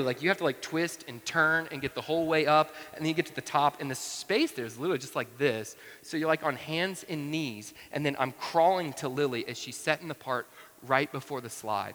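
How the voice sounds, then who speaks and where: Pastor in his 30s, bright forceful tone, chatty storytelling sermon, big hall reverb. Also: mid-range voice. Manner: conversational storytelling, frequent asides. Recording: long reverb from a large hall.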